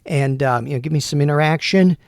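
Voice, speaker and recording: A man's voice: on the high side, a little fast, creaky, no echo, studio quality. A man narrating a solo tabletop role-playing game as game master, in a casual, rambling way.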